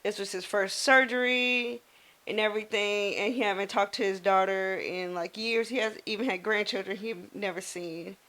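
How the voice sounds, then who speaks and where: Brief: podcast co-host, woman, nurse, lively storyteller who plays out the dialogue, middle pitch. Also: normal speed. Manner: animated storyteller, acts out quoted voices. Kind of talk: casual storytelling chat.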